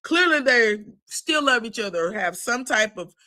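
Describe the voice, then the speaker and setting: A woman's voice: a little high, lively intonation, normal speed, pushed and bright. A woman giving a chatty, sassy recap of a reality show, full of asides. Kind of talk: casual recap commentary.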